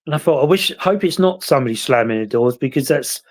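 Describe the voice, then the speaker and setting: This British-accented host speaks fast at a medium pitch, his tone darkish and his intonation lively. He leads a casual chat, telling stories in a rambling, reflective way.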